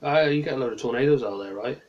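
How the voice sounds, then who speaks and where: A man's voice: medium pitch, fast, darkish tone, lo-fi sound. A tired man, chatting in a rambling way to his livestream viewers late at night from a small bedroom, drifting off topic and answering chat.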